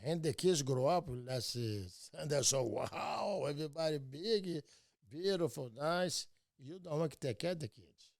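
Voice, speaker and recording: An older man with a Brazilian Portuguese accent whose voice has a gravelly, fry-edged texture. His English is halting and broken, delivered in short phrases. The recording is close and dry with no room sound. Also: a little high, no room sound. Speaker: martial arts master, interview guest. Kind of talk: casual conversation.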